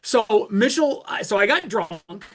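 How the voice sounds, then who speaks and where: Guy cohosting a chat show, telling stories loose and lively, doing little voices. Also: sits high, unhurried. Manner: animated, swings into quoted voices. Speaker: podcast co-host. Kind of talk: casual storytelling chat.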